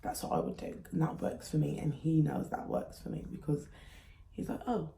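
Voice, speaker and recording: A woman's voice: sits low, wildly swooping pitch, normal speed, vocal fry, mellow, slight background noise. A young woman in her twenties from England, talking casually and earnestly to camera as a mum vlogger. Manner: chatty, earnest, frequent fillers. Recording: echoey room.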